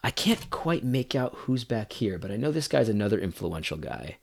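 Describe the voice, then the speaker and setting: A man's voice: fairly low pitch, sing-song, normal speed, gravelly, no room sound. A man commenting on video clips in an incredulous, mocking tone, often restarting his sentences.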